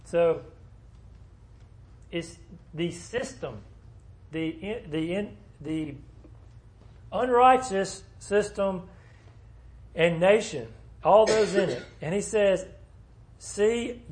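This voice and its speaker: A man's voice: sits high, lively intonation, very slow, long pauses, a little mellow. A man teaching a small Bible class in a conversational way, asking the group questions as he explains the passage.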